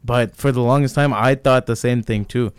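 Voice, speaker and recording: A man's voice: medium pitch, steady tone, moderate pace, clear, resonant tone, no room sound, clean studio sound. A young man in a casual chat, rambling and hedging as he asks a question.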